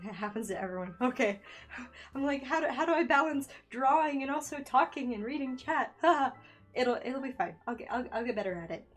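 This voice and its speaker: A young woman who streams and makes digital art chats nervously and giggles while drawing live, often losing her train of thought. Her voice is medium-pitched, and she's in a home room by a window, using a studio microphone in a makeshift setup.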